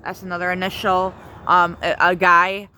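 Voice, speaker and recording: A woman's voice: on the low side, completely flat delivery, moderate pace, bright, forceful tone, a little hiss or hum. A woman in a casual vlog rant, angry and profane, full of fillers like "um" and "like.". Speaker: vlogger.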